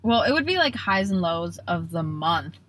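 A woman's voice: lowish voice, very animated, normal speed, fairly bright tone, a little hiss or hum. A young woman hosting her own podcast in casual solo chat, bubbly and rambling, often breaking off mid-thought. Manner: bubbly, rambling, self-interrupting. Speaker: podcast host.

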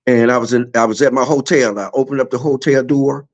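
A man's voice: mid-range voice, steady tone, brisk. Preacherly man in casual spiritual chat. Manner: preacherly, building emphasis with repeated phrases. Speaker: podcast host.

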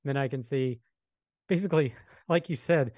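A man's voice: mid-range voice, moderate pace, darkish tone, dry recording. A man on a podcast explaining his own coding habits in an easygoing, step-by-step way. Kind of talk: casual technical chat.

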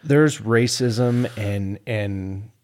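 A man's voice: fairly low pitch, very slow. A man, an Army veteran, telling stories in a podcast interview, acting out quotes and laughing often. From United States. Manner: animated storyteller, acts out quotes, laughs often.

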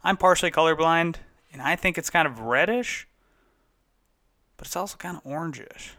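Man, podcast host, casual race recap, enthusiastic, bright tone. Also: on the high side, moderate pace. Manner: chatty, enthusiastic, self-correcting.

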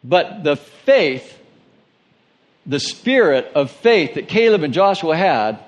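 A man with a slight Southern twang preaches a sermon in a somewhat high voice. He reads scripture aloud and then expounds on it emphatically, putting questions straight to his listeners. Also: big pitch swings, slow pace. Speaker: pastor.

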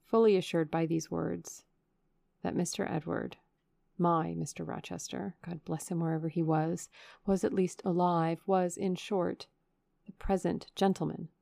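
A woman narrating a classic novel in a measured, expressive reading into a studio microphone. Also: on the low side, vocal fry, dry recording. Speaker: audiobook narrator. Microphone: USB studio microphone.

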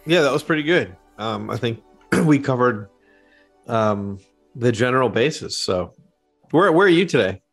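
A Canadian man, a pastor and theologian, talking thoughtfully as an interview guest, with many pauses and ums, over a video call. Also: mid-range voice, lively intonation, vocal fry, fairly bright tone, soft background music. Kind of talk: conversational interview.

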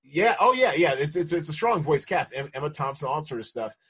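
A man's voice: a little high, big pitch swings, fairly quick, fairly bright tone, husky. An American man co-hosting a podcast, chatting casually and rambling, with lots of restarts and easy laughs. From United States. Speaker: podcast co-host. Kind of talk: casual chat.

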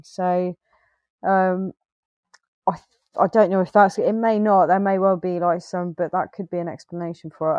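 A woman's voice: lowish voice, darkish tone, no echo. A woman chatting casually about films as a podcast co-host, rambling and correcting herself as she goes. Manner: rambling, self-correcting, laughs often. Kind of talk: casual film review chat.

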